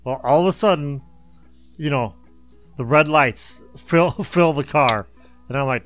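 A man's voice: fairly high pitch, unhurried, long pauses, soft background music. Laughing man telling a story. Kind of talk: casual chat.

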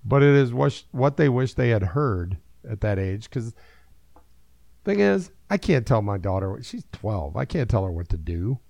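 A man's voice: mid-range voice, very animated, normal speed, gravelly, a little mellow, no room sound. A middle-aged man, a father hosting a talk show, musing in a rambling, self-deprecating way and laughing easily. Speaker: radio show host and father. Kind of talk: casual talk-show chat.

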